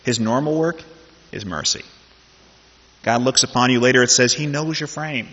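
A man's voice: mid-range voice, normal speed, pauses often, a bit bright. Man preaching in a reverberant hall. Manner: conversational, joking asides, repeats phrases. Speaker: pastor. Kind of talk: sermon. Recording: dull lo-fi sound in a reverberant hall.

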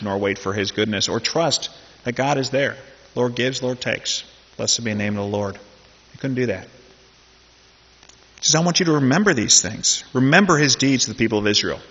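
Male pastor, chatty sermon delivery, husky voice in a dull, echoing church hall. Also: medium pitch, sharp tone. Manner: conversational, joking asides, repeats phrases. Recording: dull lo-fi sound in a reverberant hall.

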